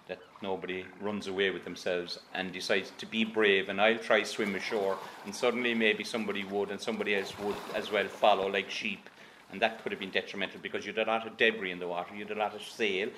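Male lifeboat crewman, lowish bright voice, matter-of-fact, faint ambient noise. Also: flat delivery, a little fast. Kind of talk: interview.

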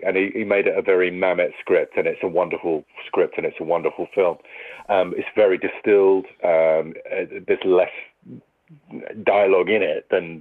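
A man, an actor, answering interview questions thoughtfully and often restarting sentences as he works out his ideas. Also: low-pitched. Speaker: stage and TV actor. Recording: narrow phone-like radio sound.

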